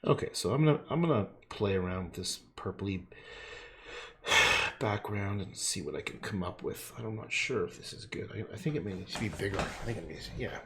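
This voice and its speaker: A man's voice: lowish voice, expressive, moderate pace, fairly bright tone. Rambling, swearing man painting live. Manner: talks to himself, swears casually, jokes; playful, self-mocking asides. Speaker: painter livestreaming his work.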